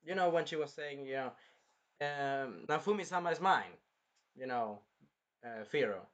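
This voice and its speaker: A man hosting a casual anime review, rambling and animated, swearing freely as he recaps an episode. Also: mid-range voice, measured pace, dull audio. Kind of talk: casual chat.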